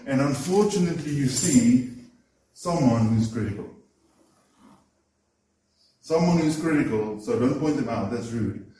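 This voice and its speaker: A man's voice: mid-range voice, dark tone, slight background noise. A man preaching a sermon, earnest and emphatic, often repeating words as he builds a point. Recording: roomy echo, voice from far off the mic.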